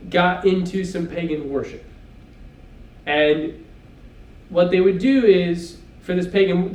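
A man's voice: on the high side, a little mellow. A man teaching a Bible class in church, talking it through in a conversational way and checking in with "okay?" asides. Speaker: preacher. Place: church hall. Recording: echoey room, mic at a distance.

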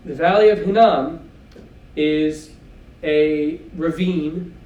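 A man's voice: fairly high pitch, slow, a little mellow, dull audio. A man teaching a Bible class in church, talking it through in a conversational way and checking in with "okay?" asides. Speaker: preacher. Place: church hall. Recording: echoey room, mic at a distance.

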